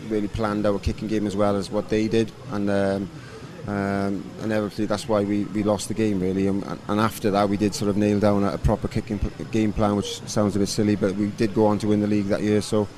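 A man in his thirties, a rugby coach, answering interview questions in a relaxed, rambling way with lots of fillers. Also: on the low side, a little fast, hardly any pauses, noisy background. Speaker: rugby coach and former player.

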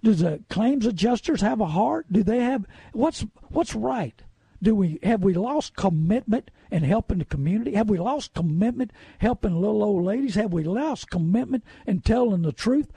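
A man's voice: high-pitched, lively intonation, normal speed, creaky, dark tone, slightly rough, no echo. A middle-aged man, hosting a talk radio show with folksy, indignant ranting. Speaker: radio host.

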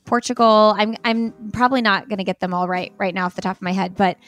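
An American woman chats easily as a podcast guest, her voice in a middling pitch. She laughs often and fills her sentences with "like" and "um". Faint music sits behind her. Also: steady tone, quick pace, a bit bright. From United States. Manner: chatty, laughs often, many fillers like "like". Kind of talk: casual interview chat.

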